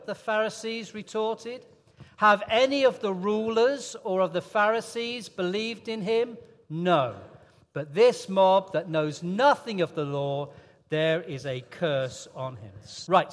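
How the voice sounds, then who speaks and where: Man, high voice, playful preacher, coaxing, long church-hall reverb. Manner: playful, coaxing, reads scripture slowly. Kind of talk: interactive children's talk with Bible reading.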